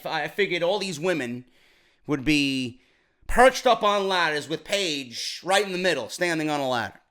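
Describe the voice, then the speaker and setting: In a solo show review, a man rants bluntly and profanely about a wrestling broadcast, exasperated and tripping over repeated words. His voice is high for a man, bright and sharp-edged, with a clear, resonant tone.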